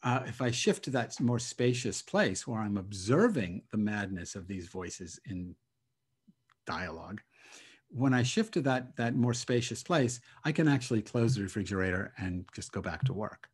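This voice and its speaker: A rabbi speaking as a guest on a video call, reflective and hesitant, laughing often between thoughts. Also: male voice, fairly low pitch, animated, moderate pace, husky. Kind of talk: casual spiritual talk over video call.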